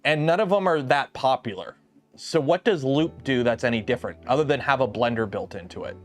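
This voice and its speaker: A man's voice: medium pitch, animated, brisk, faint music behind. Chatty man rambling through a garage build. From lives south of Detroit. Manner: rambling, chatty, many ums and restarts. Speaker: livestream host building a 3D printer. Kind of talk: casual livestream chat. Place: garage workshop.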